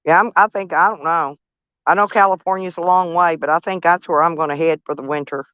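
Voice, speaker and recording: A woman's voice: fairly low pitch, steady tone, fairly quick, fairly bright tone, clear, resonant tone, no echo, highs cut off. An older woman, chatting casually and bluntly in a vlog while she scolds and swears. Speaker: van life vlogger.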